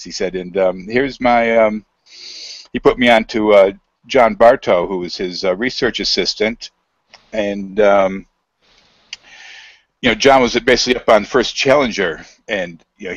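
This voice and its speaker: A man telling a rambling story in a casual, halting way, full of fillers and quoted dialogue, over a video call. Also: on the low side, no room sound, lo-fi sound. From United States.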